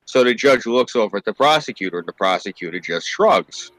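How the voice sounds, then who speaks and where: Bright-voiced man telling a story. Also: mid-range voice, brisk, dry recording, poor audio. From New York State. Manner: animated storyteller acting out quoted voices; swears freely. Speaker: podcast co-host. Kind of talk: casual storytelling among friends.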